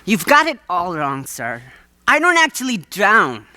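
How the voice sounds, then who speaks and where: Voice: medium pitch, wildly swooping pitch, unhurried, bright, forceful tone, no room sound, exaggerated voice. A teenage student actor playing a wheedling male waterfront huckster in a live school stage play, with a theatrical salesman's patter.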